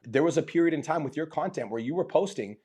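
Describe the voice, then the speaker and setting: A man hosting a casual podcast, talking fast and swearing freely as he gets fired up. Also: a little high, animated, darkish tone, slightly rough. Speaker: podcast host.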